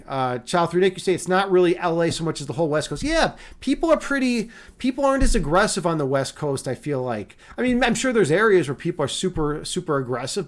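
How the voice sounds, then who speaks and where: Male livestream host with a high voice; casual, rambling, swears freely, restarts often. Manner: rambling, profane storytelling with many restarts. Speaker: livestream host and meditation instructor. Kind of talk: casual livestream chat reading viewer comments.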